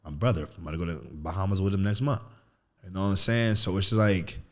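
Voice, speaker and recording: A man in his thirties, a podcast guest, telling a story in casual chat, animated and throwing in "bro" a lot. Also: sits low, fast talker. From United States. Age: 30s. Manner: animated storyteller, acts out quotes loudly, says "bro" often.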